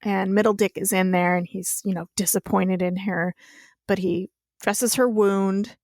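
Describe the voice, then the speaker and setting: A woman's voice: medium pitch, steady tone, measured pace, darkish tone, no room sound, clean studio sound. A young woman co-hosting a podcast, retelling a TV episode in a chatty, casual way with plenty of swearing. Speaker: podcast co-host. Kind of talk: casual TV recap chat.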